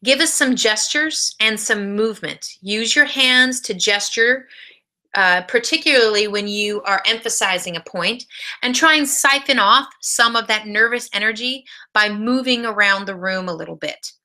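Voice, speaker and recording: A woman's voice: medium pitch, normal speed, pushed and bright. A woman teaching a college speech class in a recorded video lecture, giving direct practical tips.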